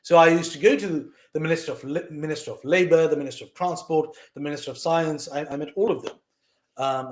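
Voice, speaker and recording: A young man from South Asia telling a personal story in an animated way, acting out quoted voices with frequent fillers. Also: fairly high pitch, roomy sound. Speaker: vlogger recounting lessons from his mother.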